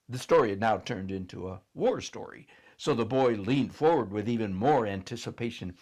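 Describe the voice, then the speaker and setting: A man narrating a storybook in an expressive, dramatic reading style. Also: lowish voice, moderate pace.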